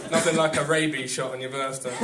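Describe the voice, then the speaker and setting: English stand-up comic, distant in an echoey club. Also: male voice, fairly high pitch. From England. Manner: halting, filler-heavy delivery with dry asides. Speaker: stand-up comedian. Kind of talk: stand-up set. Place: small comedy club with live audience. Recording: echoey room, far mic, loud crowd noise. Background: audience laughter.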